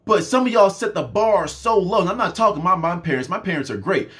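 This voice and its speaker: A man's voice: sits high, expressive, quick pace, fairly bright tone. A young adult man giving an impassioned, preachy rant straight to his audience as a spiritual and health vlogger.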